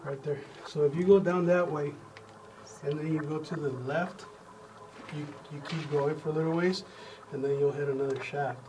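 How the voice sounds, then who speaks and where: A man's voice: a little high, fairly even intonation, moderate pace, darkish tone. A man acting as a local guide, giving plain, practical directions through a cave. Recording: distant voice with background noise.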